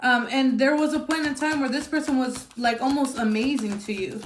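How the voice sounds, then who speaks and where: A woman with a high-pitched voice does a casual tarot reading at moderate pace, chatty and blunt, swearing freely and peppering her talk with "um" and "okay?" The sound is roomy with slight background noise.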